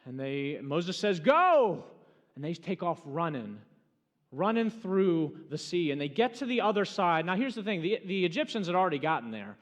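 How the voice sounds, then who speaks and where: High-voiced pastor telling a dramatic sermon story. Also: male voice, expressive, normal speed. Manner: dramatic, swings from loud to hushed. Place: church sanctuary. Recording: church hall reverb.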